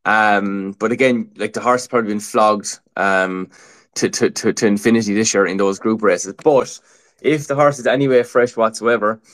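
A man's voice: fairly low pitch, steady tone, moderate pace, fairly bright tone. Man, casual racing preview host, filler-heavy chat. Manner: chatty, many fillers like "look" and "um".

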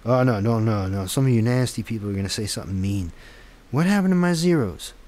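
Fairly low and a little mellow, his voice moves fast with lively intonation. In a casual screen-recorded tech vlog, the app developer tests his own app on camera, talking to himself as he debugs, muttering frustrated, self-mocking asides.

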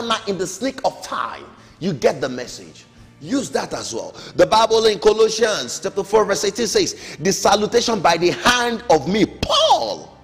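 A middle-aged man teaching a Sunday school Bible lesson, emphatic, with rising calls and falling amens. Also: sits high. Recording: long hall reverb, faint music.

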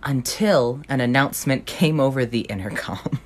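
A young adult telling a funny personal anecdote in an animated, sarcastic way, swearing freely. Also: medium pitch, normal speed. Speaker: storyteller.

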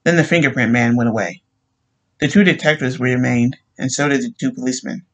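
A man narrating a short story aloud at a steady, plain pace. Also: mid-range voice, fairly quick, poor audio.

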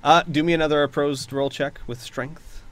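A man's voice: on the high side, steady tone, normal speed. A man running a tabletop role-playing game as game master, chatting casually with fillers and frequent laughs.

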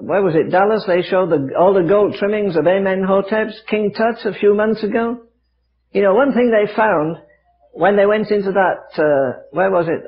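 An older man preaching with a high, lifted voice, spinning stories and rhetorical questions with a dry wit. The old recording is dull and muffled. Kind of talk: sermon. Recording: dull lo-fi archive sermon recording.

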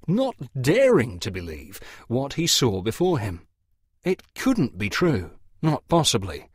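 A man narrating an audiobook story for English learners, reading in a measured, expressive way. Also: medium pitch, breathy edge, dry recording, clean studio sound.

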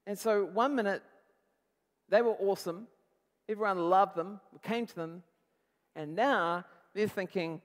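High-voiced male pastor preaching in a hall. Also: measured pace, long pauses. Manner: conversational, animated preaching with acted-out quotes. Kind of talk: sermon.

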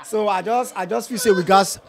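A young man from Nigeria speaking Nigerian Pidgin English, giving a lively, laughing football match reaction. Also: sits high, brisk, creaky. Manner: lively, laughs often, repeats phrases. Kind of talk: casual post-match chat.

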